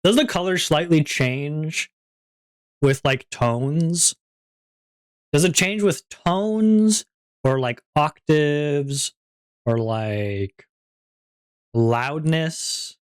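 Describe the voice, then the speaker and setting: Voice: medium pitch, very slow, long pauses, smooth, no room sound, clean studio sound. A streamer in casual stream chat, playful and rambling, with frequent giggles, talking into a home streaming mic.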